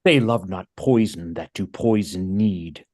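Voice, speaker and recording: A man's voice: sits low, a little slow, a little mellow. A man reading the part of a guilt-stricken new king in a Shakespeare read-through over a video call. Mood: grave. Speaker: volunteer reader.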